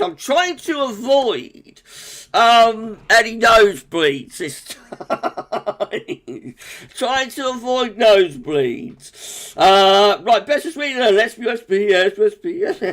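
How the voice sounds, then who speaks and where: A man hosting a weather livestream, chatting casually and greeting viewers by name in quick, upbeat bursts. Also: high voice, a bit bright. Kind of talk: casual live-stream chat, reading out viewer comments.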